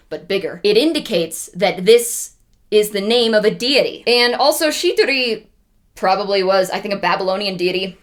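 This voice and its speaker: A woman's voice: mid-range voice, fairly bright tone. A woman streamer casually retelling an ancient epic in a chatty, humorous way, with lots of asides. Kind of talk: casual storytelling.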